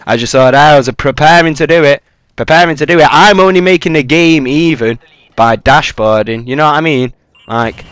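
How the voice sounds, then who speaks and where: A young man talks over his own gameplay in a loose, freestyle way. He rambles, swears freely and leans on fillers, and his voice sits at a middling pitch. The sound is dry and close, like a headset mic. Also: fairly bright tone, no room sound. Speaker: gaming commentator. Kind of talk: casual freestyle game commentary.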